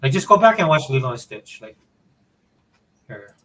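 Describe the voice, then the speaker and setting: A man from Hawaii with a Hawaiian accent, chatting casually as a podcast co-host in a relaxed, rambling way. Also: medium pitch, normal speed, low-quality recording. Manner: laid-back, rambling explanations. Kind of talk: casual chat.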